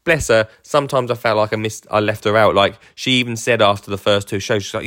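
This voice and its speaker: In a clean, echo-free studio recording, a man on the lower side of the pitch range talks quickly with a steady, slightly bright tone. He hosts his own podcast and works as a garden entertainer, chatting eagerly in a rambling monologue full of fillers and false starts.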